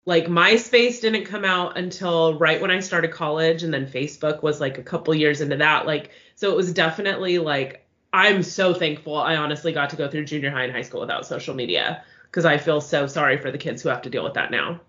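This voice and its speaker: Woman in her thirties, bright tense voice, chatty co-host, dull lo-fi sound. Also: deep voice, fairly quick. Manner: chatty storyteller, lots of "like" fillers. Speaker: podcast co-host. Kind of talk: casual chat.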